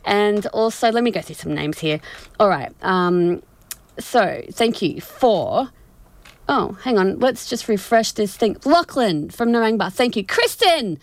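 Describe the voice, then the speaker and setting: A woman's voice: medium pitch, expressive, a little slow, no echo. A woman co-hosting a radio show, chatting casually and playfully and thanking listeners by name.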